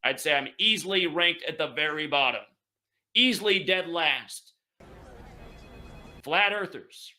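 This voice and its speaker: A man's voice: sits high, expressive, measured pace, pauses often, pushed and bright. A man hosting a call-in show, ranting angrily and cursing at his listeners. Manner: furious, cursing, insulting listeners. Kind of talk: angry profane rant.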